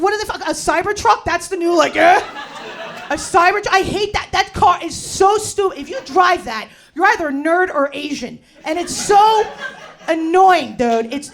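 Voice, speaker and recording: A woman in her forties doing a stand-up set in a bar, ranting loudly and profanely with slangy fillers. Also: very high-pitched. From New Jersey. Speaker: stand-up comedian. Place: bar in front of a live audience. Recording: live crowd laughing in a bar. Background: audience laughter.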